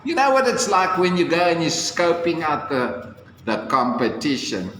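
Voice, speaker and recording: Male storyteller, slightly high voice, chatty asides and playful sound effects, recorded in an echoey room. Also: sing-song, normal speed, a bit bright, slight background noise. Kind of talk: casual retelling of a fairy tale. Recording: echoey hall with faint ambience.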